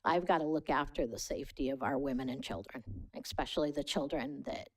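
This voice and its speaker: A woman representing a program, answering a commissioner's question at a public meeting in a firm, deliberate way. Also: rumbling low, poor audio.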